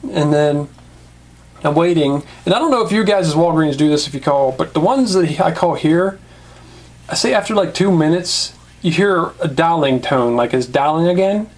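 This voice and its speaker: Toy reviewer, casual rant, swears a lot, mid pitch. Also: normal speed. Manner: chatty, swears, laughs often.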